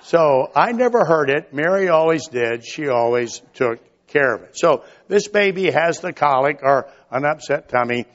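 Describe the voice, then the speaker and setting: A man's voice: fairly high pitch, expressive, normal speed, hardly any pauses, highs cut off. An older man preaching a sermon in a folksy storytelling manner, acting out little quoted lines along the way.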